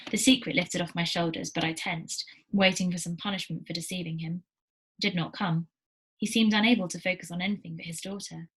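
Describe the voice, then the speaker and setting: A teacher reading a novel aloud to her class in a steady storytelling manner, with small slips. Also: on the low side, brisk, husky, rough recording.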